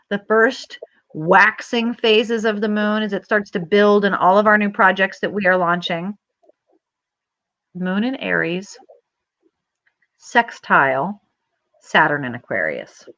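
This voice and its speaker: Woman host chatting astrology, bright voice, dry kinda dull lo-fi audio. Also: mid-range voice, takes it slowly, long pauses, no room sound. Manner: animated storytelling, acts out quotes in a rising voice. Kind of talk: casual astrology chat.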